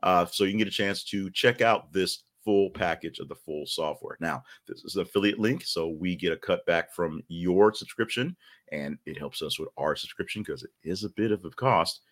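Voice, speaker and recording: A man's voice: low voice, normal speed, a bit bright. A middle-aged man hosting his own podcast, chatting in a jokey, rambling way and sometimes dropping to a whisper for asides. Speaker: podcast host. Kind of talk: casual solo show chat.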